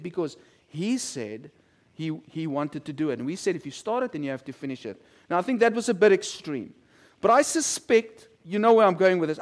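A middle-aged male pastor giving a sermon in a chatty storytelling way, acting out quotes from people he describes. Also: high-pitched. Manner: conversational storytelling with quoted voices.

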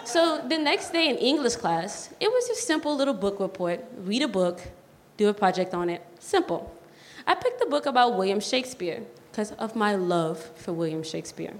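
A young woman performing a personal story live, animated and playful as she acts out the people she quotes. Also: mid-range voice. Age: young adult. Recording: long hall reverb, faint noise.

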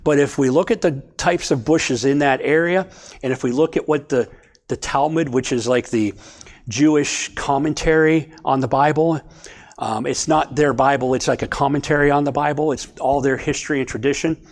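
A man's voice: mid-range voice, moderate pace. A man leading a Bible study for a small group, talking casually and checking in with his listeners as he goes. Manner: conversational, checks in with "okay?".

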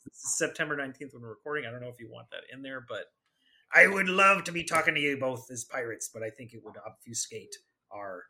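Very bright, playful man on a podcast. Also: mid-range voice, expressive, fast talker. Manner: playful, joking. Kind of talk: casual podcast chat.

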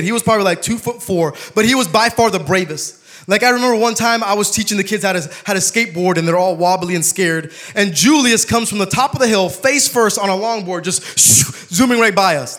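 A young man preaching a sermon, telling stories with humor and turning soft and emotional. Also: high-pitched, brisk.

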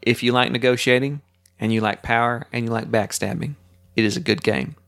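A man's voice: medium pitch, brisk, creaky, a bit bright. A man co-hosting a podcast, chatting casually and rambling through jokes with frequent laughter. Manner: joking, rambling, often laughing. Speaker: podcast co-host. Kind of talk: casual chat.

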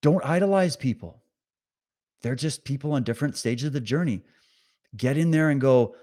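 A man's voice: medium pitch, lively intonation, moderate pace, a little mellow. A middle-aged man with an ordinary mid-range voice delivers a motivational monologue to his audience. His style is emphatic and exhorting, pushing listeners to raise their own standards. He swears casually as he talks. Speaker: podcast host.

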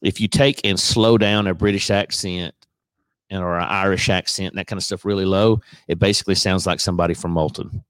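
A Southern US man co-hosting a podcast, rambling and laughing as he jokes with his friends. His voice sits low, and it sounds dry and close, with no room echo. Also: fairly even intonation, brisk, a bit bright, clean tone. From American South. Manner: rambling, joking, laughs often. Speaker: podcast co-host. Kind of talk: casual chat.

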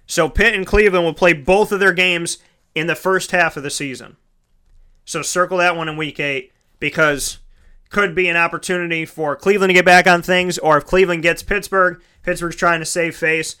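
Bright, crisp-voiced male sports talker. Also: a little high, fairly even intonation, moderate pace. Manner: chatty, rambling, corrects himself mid-sentence; addresses listeners as folks. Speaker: sports show host. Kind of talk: casual solo sports talk.

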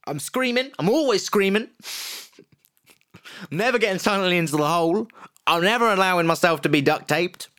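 A man, casually telling a true-crime story on a podcast, animated and jokey, slipping into quick put-on voices. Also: high-pitched, smooth. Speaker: podcast co-host.

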